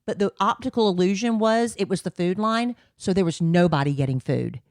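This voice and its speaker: A woman's voice: on the low side, fairly quick, darkish tone, no echo, clean studio sound. A woman in her forties co-hosting a podcast, telling a long story in a chatty way with lots of fillers. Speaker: podcast co-host. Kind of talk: casual chat.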